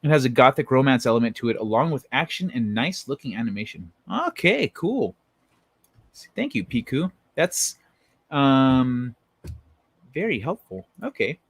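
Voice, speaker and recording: A man's voice: medium pitch, big pitch swings, normal speed, no echo. A man live-streaming, chatting casually with viewers and telling stories in a rambling, profane way.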